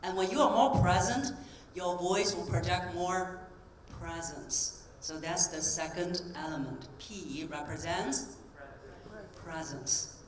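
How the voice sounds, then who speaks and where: A woman voice coach giving a keynote talk to a convention audience, animated and demonstrative, asking the crowd questions. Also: lowish voice, takes it slowly. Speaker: voice coach and speaker. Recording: roomy echo from a distance, faint ambience.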